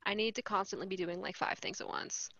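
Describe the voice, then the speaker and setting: A young woman, a podcast guest, chatting casually in an animated way and swearing freely over a headset. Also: medium pitch, quick pace, muffled recording, background noise. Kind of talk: casual chat. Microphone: Bluetooth headset.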